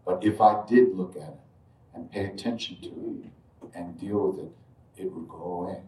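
A man telling a personal spiritual story to an audience in a reflective, halting way, with frequent asides. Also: low voice, warm tone. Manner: reflective, halting, many asides like "you know" and "right". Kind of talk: live storytelling talk to an audience. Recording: roomy echo, distant mic.

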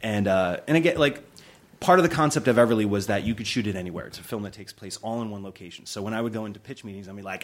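A man in his forties, a film director telling stories in a casual chat, acting out quotes with big jumps in his voice. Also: fast talker. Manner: animated storyteller, acts out quotes with big pitch jumps. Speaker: film director, podcast guest.

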